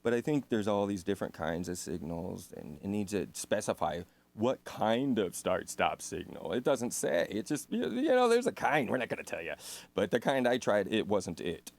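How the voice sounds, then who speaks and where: A man's voice: lowish voice, very animated, moderate pace, vocal fry, few pauses, a little mellow. A man reading a synthesizer manual aloud and breaking off into laid-back, self-deprecating commentary with casual swearing. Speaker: synth hobbyist host.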